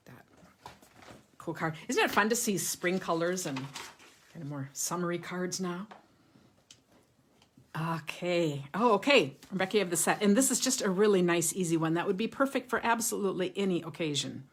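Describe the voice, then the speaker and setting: A woman's voice: fairly low pitch, expressive, moderate pace. A woman hosting a live craft stream, chatting casually with viewers, showing greeting cards, laughing often and reading comments aloud. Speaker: card-making livestream host.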